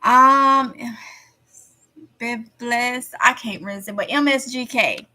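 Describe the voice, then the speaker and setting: A woman's voice: fairly high pitch, slow, sharp tone. A woman with a Mississippi Southern accent hosting a casual livestream, chatting to viewers, answering their comments and repeating her points to drive them home. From Mississippi, USA. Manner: chatty, repeats herself, talks straight to viewers. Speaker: livestream host.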